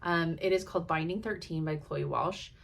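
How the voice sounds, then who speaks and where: A woman's voice: deep voice, normal speed, creaky. A young adult woman chatting casually to camera, gushing with frequent fillers and laughs mixed into her speech. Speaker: cross-stitch vlogger.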